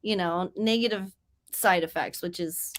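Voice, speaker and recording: This writing sprint livestream host, who grew up near Mexico, speaks a little slowly in a lowish, fairly bright voice. She keeps things casual and upbeat, chatting and reading viewers' comments aloud.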